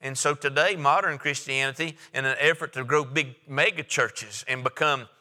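Male pastor, emphatic, repetitive preaching, very bright tone, long church-hall reverb. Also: medium pitch, normal speed. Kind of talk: sermon.

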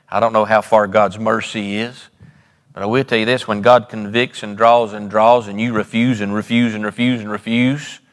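A man's voice: lowish voice, a bit bright, long reverb tail. A male pastor delivering a sermon in a church, preaching with repetition and sudden rises and drops in his voice. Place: church sanctuary.

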